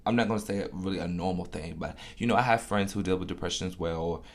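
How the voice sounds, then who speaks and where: A man with a very low voice and a gravelly rasp, speaking in a casual podcast monologue. He is candid and confessional and swears freely. He often drops into soft, reflective asides. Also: fast talker. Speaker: musician hosting his own podcast.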